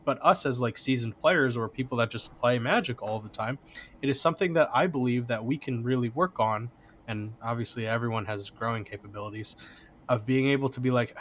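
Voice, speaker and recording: A man's voice: mid-range voice, a little fast, a bit bright, slight background noise. A man speaking as a podcast guest in casual chat, rambling with frequent fillers. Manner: rambling, heavy use of "like".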